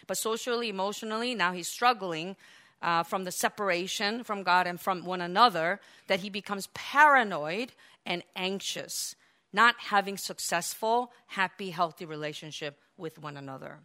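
A woman preaching a sermon, acting out the quoted biblical figures with lively, raised delivery. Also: moderate pace. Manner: animated, acts out biblical quotes with raised pitch and volume.

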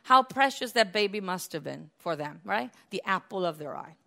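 A woman preaching a sermon with a bright, forceful voice. She tells the scripture as a lively story, breaking into laughs and acting out the quotes. Her pitch sits in a middle range for a woman. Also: normal speed, creaky.

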